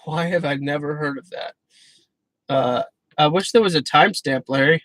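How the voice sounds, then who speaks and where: A man's voice: fairly high pitch, moderate pace, fairly bright tone, no echo, poor audio. A man hosting a live stream, talking casually but emphatically about faith, often breaking off and restarting. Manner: emphatic, earnest, self-interrupting. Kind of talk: casual preaching chat.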